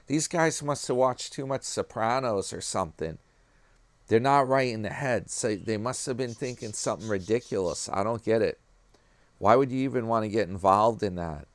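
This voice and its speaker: A YouTube commentary vlogger with a New York accent and a lowish voice chats casually at a moderate pace, with no room sound. He rambles from topic to topic, calling his viewers "guys" and "man."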